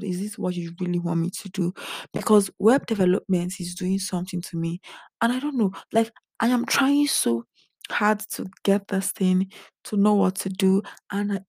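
Sounding emotionally drained, a young woman confides earnestly in her viewers in a candid personal vlog. She has a medium-pitched, darkish voice, captured at studio quality without echo.

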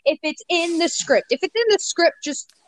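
Young-sounding high voiced woman joking around on a podcast, giggly and teasing. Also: normal speed, low-quality recording. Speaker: co-host. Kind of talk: casual podcast chat.

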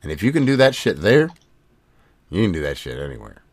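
A man's voice: low-pitched, sing-song, a little fast. A man chatting on a podcast in a blunt, emphatic way, with plenty of swearing. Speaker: podcast co-host. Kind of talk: casual podcast chat.

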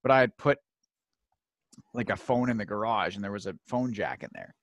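A man's voice: lowish voice, animated, moderate pace, no echo. Guy in his 30s telling party stories, cusses a lot, does the voices, dry close sound. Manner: swearing storyteller, acts out quoted voices. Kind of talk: casual chat.

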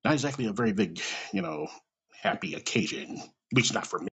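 A man's voice: lowish voice, lively intonation, fairly quick, fairly bright tone, husky, low-quality recording. A man telling a comedic personal story in a casual, profane, self-deprecating way.

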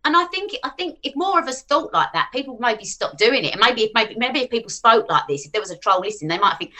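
Bright-voiced chatty woman, forties. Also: on the high side, quick pace, hardly any pauses. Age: 40s. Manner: chatty, animated, frank. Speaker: finance influencer guest. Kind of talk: casual interview chat.

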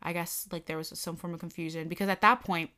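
Bright-voiced young woman telling a story. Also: lowish voice, fast. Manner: animated, lots of "like", acts out quotes. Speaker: storyteller recounting a work incident. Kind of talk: casual chat.

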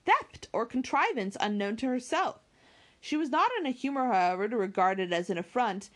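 Woman, audiobook reader of a classic novel, stumbles now and then and corrects herself. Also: a little high. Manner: occasional slips and self-corrections. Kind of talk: reading a classic novel aloud.

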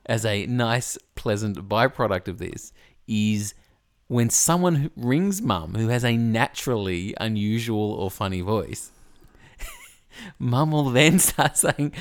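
A man, co-hosting a casual chat with playful, animated storytelling. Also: mid-range voice, takes it slowly, dry recording. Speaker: podcast co-host.

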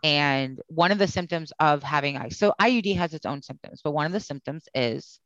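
A woman's voice: sits low, fairly quick, fairly bright tone, dry recording, highs cut off. Blunt, candid woman telling her story. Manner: blunt, swears, acts out quoted dialogue. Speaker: guest sharing her health story.

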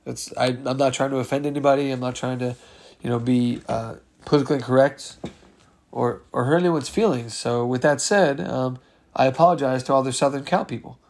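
A man's voice: mid-range voice, fairly quick, creaky, darkish tone. A man hosting a casual solo sports podcast, chatting as he reads out listener replies and laughs along with them. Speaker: podcast host.

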